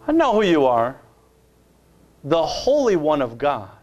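A man voicing a demon crying out through a possessed man, in a loud, defiant outcry. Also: a little high, wildly swooping pitch, unhurried, dull audio, soft background music, voice pushed down.

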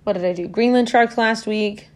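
A woman's voice: mid-range voice, normal speed. Rambling woman telling a story. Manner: rambling, full of fillers and self-corrections. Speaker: podcast host. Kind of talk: casual storytelling. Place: at home.

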